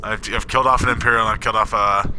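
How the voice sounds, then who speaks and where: A man's voice: fairly low pitch, fairly even intonation, very fast, heavy background noise. A man hosting a live game stream, chatting casually and joking in a laid-back way. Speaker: streamer host. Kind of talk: casual chat while gaming.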